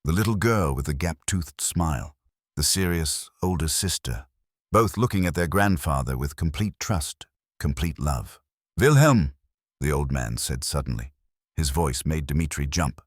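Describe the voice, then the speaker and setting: Very deep-voiced solemn male narrator. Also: dry recording, studio quality. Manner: slow, solemn, measured. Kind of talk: scripted story narration.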